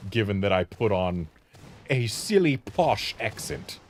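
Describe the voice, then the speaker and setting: Low-voiced American streamer, animated delivery, chatty and rambling. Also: male voice, unhurried, soft background music. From United States. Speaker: video game streamer. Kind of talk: casual gameplay commentary.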